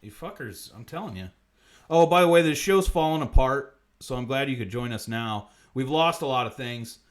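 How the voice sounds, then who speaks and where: A man hosting a comedy livestream, swearing constantly and ranting, swinging from low mutters to loud outbursts. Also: animated, moderate pace. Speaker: comedy show host. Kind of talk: profane comedic livestream monologue.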